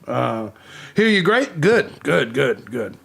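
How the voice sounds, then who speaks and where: A man hosting a casual live stream, talking loudly and breathing audibly, swearing freely and greeting viewers in the chat by name, with his desk mic pushed back from his mouth. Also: mid-range voice, very animated, takes it slowly, gravelly, breathy edge.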